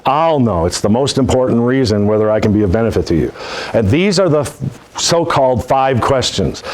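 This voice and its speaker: Male sales trainer, folksy and animated, mid pitch, speaks to a room. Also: rough recording. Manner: folksy, joking, animated storytelling. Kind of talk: motivational seminar talk.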